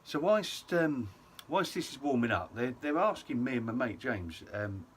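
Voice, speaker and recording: A man's voice: medium pitch, sing-song, moderate pace, slight background noise. A young man casually telling a self-mocking story to camera, full of ums and asides. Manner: chatty, self-mocking, lots of ums and et ceteras. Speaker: vlogger.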